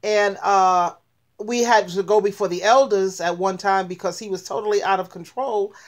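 A woman hosting a casual online chat, telling stories in an animated way and speaking straight to her viewers. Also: mid-range voice, moderate pace. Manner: animated storytelling, addressing viewers directly. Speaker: host.

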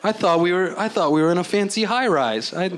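Man riffing on stage, swears a lot, kinda high voice, noisy club audio. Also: animated, a little fast. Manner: loose, rambling, self-mocking, swears a lot. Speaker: stand-up comedian. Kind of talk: improvised stand-up set. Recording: noisy live club recording. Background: audience laughter.

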